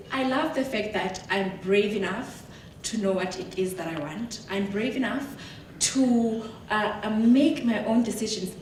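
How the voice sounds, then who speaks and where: South African woman, lively storyteller, echoey hall, faint rumble behind. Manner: lively storytelling with frequent laughs. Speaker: guest speaker. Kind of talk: motivational talk. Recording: echoey hall, distant mic.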